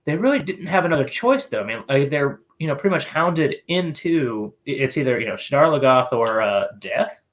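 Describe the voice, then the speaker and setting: A man's voice: medium pitch, big pitch swings, a little fast, few pauses, fairly bright tone. A man co-hosting a casual podcast chat, joking and laughing often. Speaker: podcast co-host.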